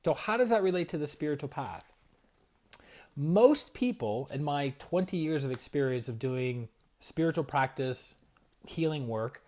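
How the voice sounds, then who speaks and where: A man in his forties hosting a casual evening livestream as a spiritual coach, telling stories in a rambling, lively way and greeting viewers by name. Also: on the high side. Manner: animated storyteller, rambling with restarts and viewer shout-outs. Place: home at night.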